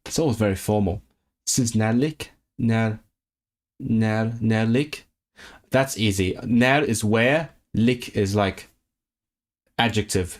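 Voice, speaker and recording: Speaking at a slow pace with frequent pauses and a fairly low pitch, a Hong Kong man livestreams for his chat while learning a language. He sounds out and repeats words, correcting himself aloud.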